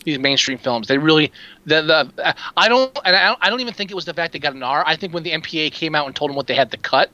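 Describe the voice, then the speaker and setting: Co-hosting a laid-back movie-review show, a man rambles with energy and acts out lines from films. He speaks at a quick pace in a slightly high voice, recorded dull and lo-fi with no room sound.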